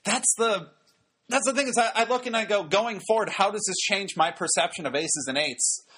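A man's voice: sits high, normal speed, a bit bright, slightly rough. A man giving casual, wry commentary on a wrestling show, talking loosely with lots of fillers. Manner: chatty, wry, many fillers.

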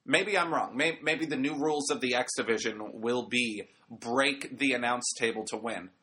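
Bright-voiced man recapping wrestling casually. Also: medium pitch, normal speed. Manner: rambling, jokey asides. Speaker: wrestling podcast host.

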